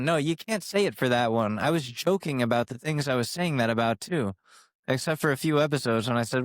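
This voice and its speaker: A man's voice: medium pitch, brisk, no room sound, clean studio sound. Sarcastic young man hosting a podcast. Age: 20s. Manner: sarcastic, rambling, profane. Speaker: podcast host. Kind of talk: casual solo podcast monologue. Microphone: studio microphone with compressor.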